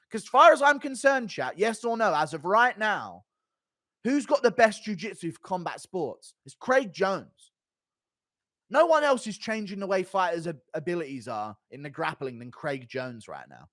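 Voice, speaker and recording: Excitable, profane male streamer. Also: sits high, no echo, studio quality. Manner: profane, rambling, getting excited. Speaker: livestream host reading donations. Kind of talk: casual livestream commentary.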